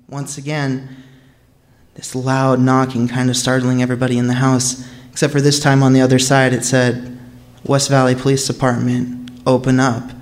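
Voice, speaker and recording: A young man telling a true first-person story live on stage, earnest and suspenseful, with hushed dramatic pauses. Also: medium pitch. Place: live stage before an audience.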